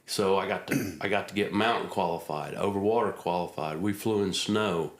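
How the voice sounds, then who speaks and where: A man's voice: low-pitched, normal speed. A middle-aged man, a retired army helicopter pilot, telling stories in a casual, folksy interview. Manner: folksy anecdotal storyteller, acts out quotes. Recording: roomy echo.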